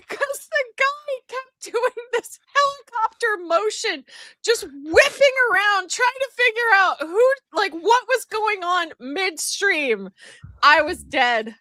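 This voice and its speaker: Bright high-voiced woman telling a story. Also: very animated, slow pace, no room sound. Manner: laughing, rambling with many fillers. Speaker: guest streamer. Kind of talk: casual storytelling on a livestream.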